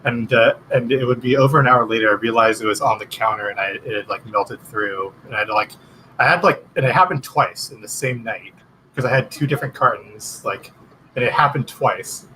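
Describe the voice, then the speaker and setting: A man's voice: medium pitch, brisk, bright, forceful tone, a little hiss or hum, poor audio. A man chatting casually on a stream, meandering with many fillers and losing his train of thought. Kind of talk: casual chat.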